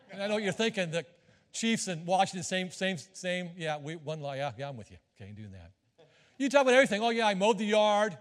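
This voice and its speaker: High-voiced male preacher in a church. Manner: folksy, joking and conversational with the congregation. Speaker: visiting missionary preacher. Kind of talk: sermon. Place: church sanctuary. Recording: long reverb of a church hall.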